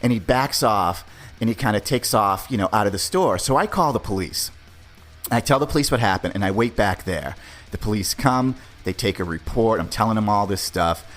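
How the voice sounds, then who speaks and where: A man's voice: lowish voice, lively intonation, moderate pace, fairly bright tone, soft background music. A man hosting a podcast, telling a personal story in a laid-back, profane, conversational way. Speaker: podcast host. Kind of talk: casual storytelling.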